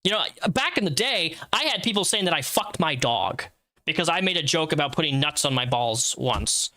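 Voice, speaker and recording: Animated, bright-voiced male streamer. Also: fairly high pitch, moderate pace. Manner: blunt and profane, lecturing the person he reacts to. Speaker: livestream host. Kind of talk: live commentary reacting to a social media post.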